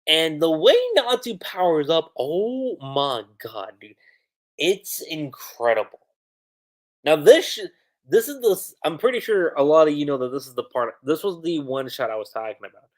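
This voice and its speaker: A young man giving a casual, animated livestream recap and review of an anime episode, full of fillers. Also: a little high, normal speed.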